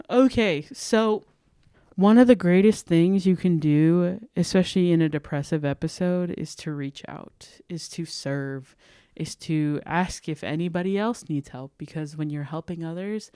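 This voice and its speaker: Brief: young female podcast host, heartfelt, low-ish smooth voice, close dry mic. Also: darkish tone, dry recording. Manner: heartfelt and earnest, laughing often. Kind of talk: encouraging self-worth talk.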